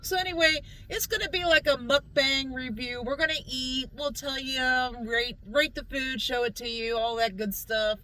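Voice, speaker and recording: A woman's voice: high-pitched, steady tone, normal speed, few pauses, bright, forceful tone, low-quality recording. A woman hosting a casual food review vlog from inside a car, chatty and upbeat, often talking straight to her viewers. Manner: chatty, upbeat, keeps calling the viewers "guys". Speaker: vlog host.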